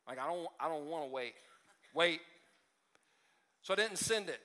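Bright-voiced pastor preaching in a hall. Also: male voice, high voice, fairly quick, pauses often. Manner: conversational and self-deprecating, with frequent restarts and asides. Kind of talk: sermon. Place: church sanctuary.

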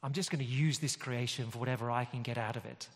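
A preacher briefly voicing a foolish, greedy older uncle who gushes and schemes. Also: male voice, medium pitch, steady tone, quick pace, close to an everyday voice. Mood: scheming. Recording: long hall reverb.

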